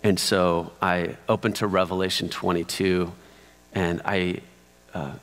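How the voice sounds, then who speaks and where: A man preaching a sermon as a pastor. He tells a story softly and then moves into animated teaching. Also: low-pitched. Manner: slow, soft-spoken storytelling that rises to animated teaching. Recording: long hall reverb.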